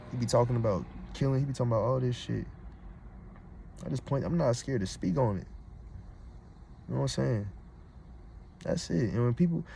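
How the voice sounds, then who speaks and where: A man with a fairly low voice delivers a streetwise spiritual rant to his viewers. He is blunt and unfiltered and keeps checking in with "you feel me". A faint noise sits under the recording. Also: vocal fry. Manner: gets loud and heated when arguing. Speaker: vlogger on spirituality. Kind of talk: casual preachy monologue.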